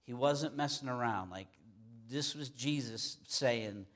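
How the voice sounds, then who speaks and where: A man's voice: medium pitch, normal speed, few pauses, fairly bright tone. A man preaching a sermon in an earnest, emphatic manner, repeating key phrases to drive them home.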